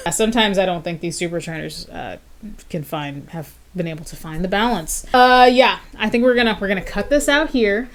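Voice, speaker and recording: Chatty young woman vlogging. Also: medium pitch. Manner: chatty, laughs often, lots of fillers. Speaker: fitness YouTuber, personal trainer. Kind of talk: casual vlog chat to camera.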